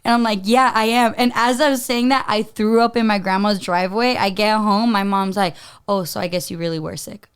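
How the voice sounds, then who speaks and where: A woman co-hosting a podcast, telling family stories in an animated way and acting out the lines of relatives. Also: mid-range voice, fairly quick, clean tone. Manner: animated storytelling, acting out quoted family members. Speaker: podcast co-host. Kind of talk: casual chat.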